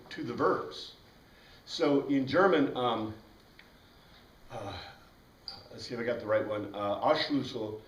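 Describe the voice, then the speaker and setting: A man teaching a Bible class in a casual, rambling way, spelling out words letter by letter. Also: mid-range voice. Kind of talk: informal classroom lecture. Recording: roomy classroom heard from a distance.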